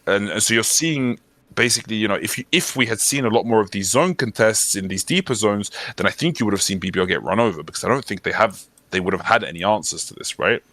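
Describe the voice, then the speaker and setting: A man with a lowish voice talks through match analysis in a casual podcast chat. He is opinionated and emphatic, pressing his points and restarting sentences as he goes. The sound is dry and close. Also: lively intonation, fast talker, a bit bright, no echo. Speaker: podcast co-host.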